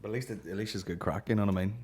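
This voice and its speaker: A man's voice: fairly low pitch, very fast, darkish tone. An Irish man guesting on a comedy podcast, chatting casually and profanely, often trailing off. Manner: laid-back and profane, trailing off.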